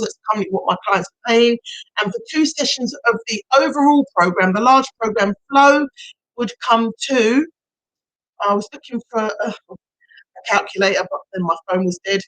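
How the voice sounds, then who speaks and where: Brief: middle-aged woman, high bright voice, gushing live-stream host, dry close sound. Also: moderate pace, no room sound, low-quality recording. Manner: chatty, gushing, bursts into excited shouts. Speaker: hypnotherapist hosting a live prize draw. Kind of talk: casual live-stream chat.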